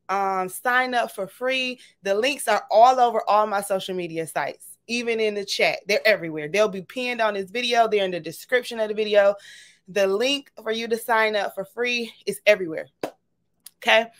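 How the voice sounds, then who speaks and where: A woman hosting a casual livestream, bubbly and greeting her viewers one by one. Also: mid-range voice. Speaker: livestream host.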